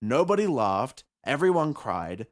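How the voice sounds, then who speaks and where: A man's voice: medium pitch, sing-song, a little slow. Profane, rambling young man. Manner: rambling, profane storytelling that grows loud and laughing. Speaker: podcast co-host. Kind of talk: casual chat. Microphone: headset or desk mic at a computer.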